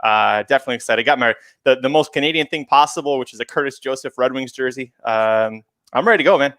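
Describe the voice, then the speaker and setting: A man's voice: mid-range voice, quick pace, a bit bright, dry recording, clean studio sound. A man co-hosting a casual podcast chat, playful and full of fillers. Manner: chatty, playful, lots of filler. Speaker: podcast co-host. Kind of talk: casual chat about horse racing.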